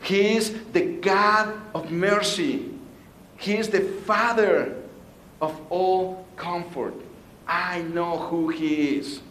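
A man's voice: high-pitched, a bit bright, reverberant, a little hiss or hum, low-quality recording. A man preaching a sermon, playful and joking with his congregation. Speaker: pastor. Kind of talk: sermon with jokes.

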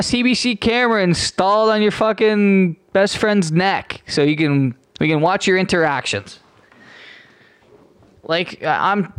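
Sarcastic young man ranting, high-voiced. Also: clean tone, no echo. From Canada. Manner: profane, sarcastic, rambling with restarts. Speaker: podcast host. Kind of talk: casual ranting monologue.

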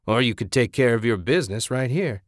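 A man voicing a crude, bossy male club owner who talks in a gruff, leering way. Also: medium pitch, lively intonation, brisk, dry recording, clean studio sound, natural voice. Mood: sleazy.

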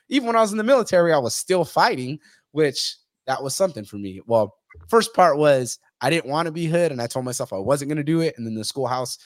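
A man's voice: on the high side, fairly quick, dry recording, clean studio sound. A young man talking bluntly as a podcast guest, swearing heavily and acting out other people's lines as he tells stories. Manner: animated storytelling, acts out others' lines. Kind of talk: casual interview talk.

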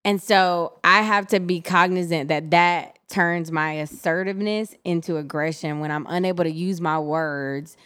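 Smooth, candid young woman co-host. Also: fairly low pitch, normal speed, few pauses, no room sound, studio quality. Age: young adult. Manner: candid, animated, laughs often. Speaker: podcast co-host. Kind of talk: casual chat.

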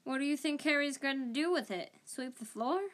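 A woman voicing an excitable, quick-tempered teenage boy wizard in an amateur audiobook reading, speaking eagerly and a little raised. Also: high voice, voice pushed up. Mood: impatient.

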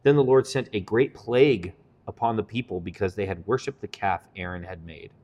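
A male pastor reading scripture aloud in a plain, measured way. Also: lowish voice, muffled recording.

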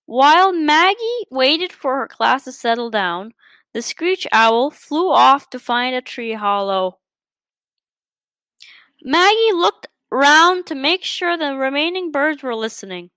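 A woman's voice: sits high, animated, takes it slowly, bright, forceful tone, no echo. A woman reading a children's storybook aloud, carefully, with frequent stumbles and restarts. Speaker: story reader.

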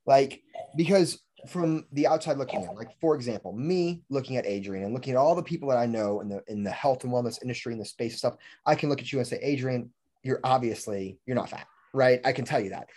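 A man's voice: medium pitch, fast talker. A man in his twenties hosting a podcast as a fitness coach, telling stories with lots of "like" and laughter. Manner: energetic storyteller, fillers of "like", laughs often. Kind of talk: casual podcast chat.

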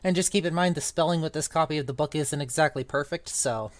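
A woman co-hosting a book club podcast, chatting casually with quick asides. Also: low-pitched, dry recording. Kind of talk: casual chat.

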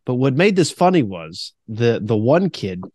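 A man's voice: medium pitch, big pitch swings, a little slow, a little mellow, no echo, clean studio sound. A man in his thirties co-hosting a podcast, telling rambling stories in casual chat and laughing often. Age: 30s. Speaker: podcast co-host.

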